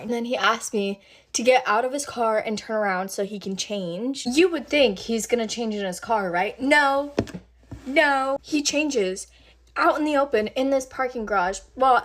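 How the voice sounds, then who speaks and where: A woman tells a story to her vlog viewers in a casual, chatty way. Her voice sits a little high, and she keeps dropping in "like" as she talks. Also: normal speed. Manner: chatty, animated, many "like" fillers. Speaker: vlogger telling a story.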